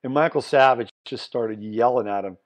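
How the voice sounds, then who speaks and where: A man hosting a solo commentary podcast, talking bluntly and swinging between loud emphasis and muttered asides. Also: mid-range voice, normal speed. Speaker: podcast host.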